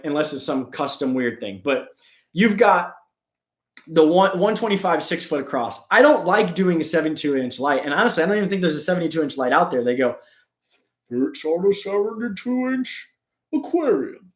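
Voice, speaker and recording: A man hosting a live stream about aquariums, talking casually and slipping into quick impressions of sellers and customers. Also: a little high, a bit bright. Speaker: host. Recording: echoey room.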